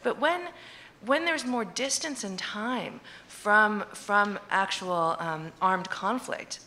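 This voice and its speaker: A woman's voice: medium pitch, slow, pushed and bright. A woman speaking on an academic conference panel, thoughtful, with many restarts and "right?" checks. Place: conference hall.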